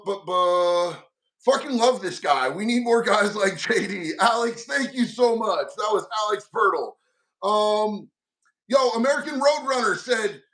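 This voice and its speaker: A man's voice: high-pitched, fairly bright tone. A middle-aged man hosting a casual livestream, chatting and reading out viewer comments in a slangy, affectionate way that calls people homie and dog. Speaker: livestream host. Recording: mic set far from the speaker.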